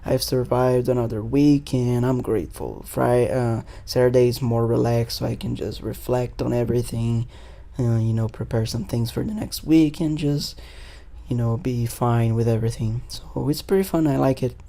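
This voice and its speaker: A man's voice: medium pitch, steady tone, moderate pace, vocal fry, dark tone. A young man, a podcast host telling a story in loose, casual talk full of swearing and fillers. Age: 20s.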